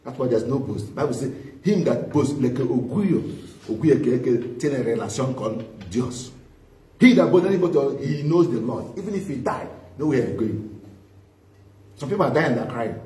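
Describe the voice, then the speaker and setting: A man's voice: medium pitch, lively intonation, normal speed, warm tone. A man preaching a fervent bilingual sermon in a church hall, switching between English and Spanish and often repeating himself. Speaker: pastor. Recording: echoey church hall, mic at a distance.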